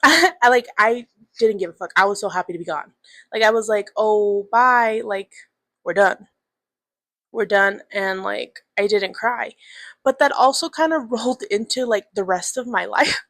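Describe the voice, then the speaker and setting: A woman's voice: fairly high pitch, animated, normal speed, fairly bright tone, no room sound. A young woman in her twenties hosting a podcast, talking candidly in a loose, chatty monologue full of swearing and filler words. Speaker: podcast host. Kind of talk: casual personal monologue.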